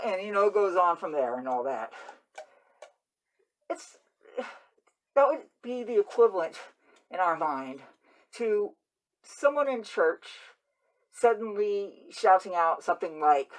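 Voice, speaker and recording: A man hosting his channel, talking in a rambling, repetitive monologue and breaking into loud, high yelps when he mimics people. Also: lively intonation, normal speed. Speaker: channel host.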